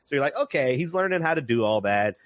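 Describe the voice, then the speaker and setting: A man's voice: mid-range voice, fast talker, no echo. Podcast co-host, male, casual movie chatter, laughs a lot, dry close mic. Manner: laughs often, animated retelling with put-on quotes.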